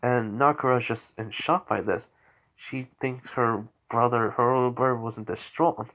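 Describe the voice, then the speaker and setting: A man's voice: medium pitch, fairly even intonation, measured pace, lo-fi sound. Tired man rambling through a story. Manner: rambling, self-correcting, many fillers. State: tired, yawning. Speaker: fan storyteller. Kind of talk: unscripted casual storytelling.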